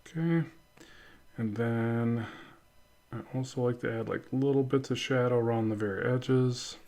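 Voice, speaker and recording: A man's voice: medium pitch, a little slow, mellow. A man narrates a drawing lesson in an easygoing, conversational way. He thinks aloud as he works, second-guesses himself and corrects course as he goes. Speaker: art instructor. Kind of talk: casual drawing tutorial narration.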